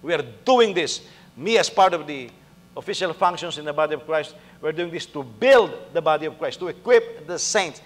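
A man's voice: fairly high pitch, lively intonation, moderate pace, in a large hall. A male pastor preaching conversationally, acting out little dialogues and firing rhetorical questions at the congregation. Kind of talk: sermon.

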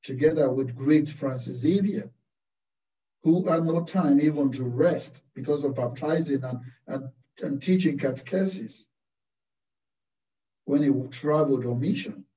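Slow-speaking priest in a roomy hall. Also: male voice, a little high, mellow. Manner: slow, deliberate teaching with rhetorical questions. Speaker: Carmelite priest. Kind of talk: sermon. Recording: distant, roomy, dull-sounding recording.

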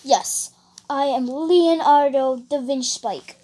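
A man's voice: very high-pitched, takes it slowly, dark tone. A man putting on a snooty French kaiju painter. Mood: haughty. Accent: put-on French. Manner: boastful, spits with tuh sounds. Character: pompous French Godzilla painter, male.

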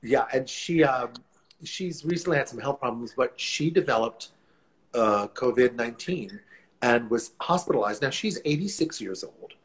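A man, a guest actor telling stories in a relaxed live interview over a video call, rambling warmly with frequent restarts. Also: mid-range voice, moderate pace. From New Orleans, USA. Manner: warm, rambling storyteller with many restarts. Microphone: phone or laptop on a video call.

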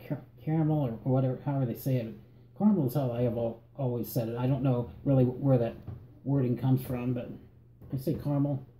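A vlogger with a Northern Virginia accent reads through an accent tag word list in a relaxed, halting way, often repeating words. His voice is mid-range and the sound is roomy.

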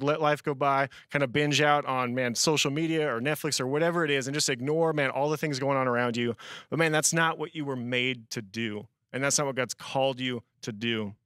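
A man's voice: medium pitch, a little fast, clear, resonant tone, no echo. A man giving a casual youth sermon, telling stories and dropping "man" into nearly every sentence. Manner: peppers sentences with "man", animated storyteller. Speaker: youth speaker.

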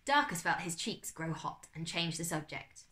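A woman teacher, reading a class story aloud with expressive storytelling. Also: lowish voice, moderate pace.

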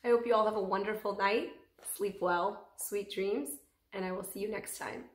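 A woman's voice: mid-range voice, fairly even intonation, normal speed. Woman teacher reading a chapter book aloud. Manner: gentle, warm sign-off. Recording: echoey room.

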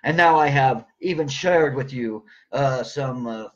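A man's voice: mid-range voice, a little slow. A middle-aged man in a heated, profane, rambling monologue rant as a vlogger. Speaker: vlogger, injured worker. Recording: dull lo-fi recording.

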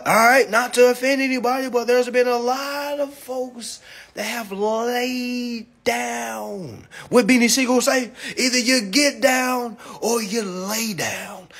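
A man's voice: sits high, a bit bright, breathy edge. A drunk man delivering a preachy, profane ranting monologue, constantly checking in with "all right?". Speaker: consumer finance commentator.

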